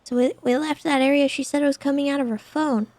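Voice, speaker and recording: A woman in her thirties in a roleplay game, telling what happened in a hesitant, halting way. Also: high voice, fairly even intonation, darkish tone, no room sound. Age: 30s. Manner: hesitant, repeats words while telling. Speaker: streamer and roleplay player. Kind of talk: in-character recounting in a game.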